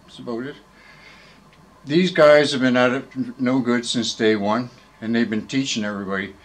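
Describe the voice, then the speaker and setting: A man's voice: mid-range voice, steady tone, normal speed, low-quality recording. A man ranting in a rambling casual vlog, swearing freely and heated, often tagging his points with "right?", filmed on a handheld phone. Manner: profane and heated, keeps asking "right?". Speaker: vlogger.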